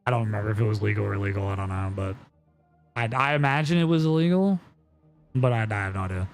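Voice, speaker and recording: A man's voice: fairly low pitch, quick pace, faint music behind. A young man chatting casually on a live stream, telling a story in a rambling way with lots of fillers and swearing.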